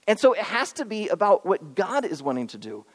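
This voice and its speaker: A man preaching a sermon as pastor, earnest and pleading, swinging between loud and hushed. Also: high voice, very animated, a little fast. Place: church auditorium. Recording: long reverb of a hall.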